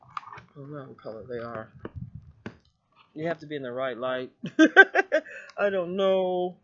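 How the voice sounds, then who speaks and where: A woman's voice: low voice, lively intonation, a little slow, darkish tone, muffled recording. A woman talking casually to camera in a rambling vlog, swearing freely and laughing often. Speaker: vlogger.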